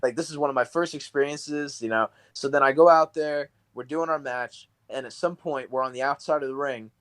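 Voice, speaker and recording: A man's voice: medium pitch, fairly quick, fairly bright tone, no room sound, low-quality recording. Young man telling rambling stories. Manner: rambling, filler-heavy storytelling. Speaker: professional wrestler, podcast guest. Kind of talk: casual storytelling interview.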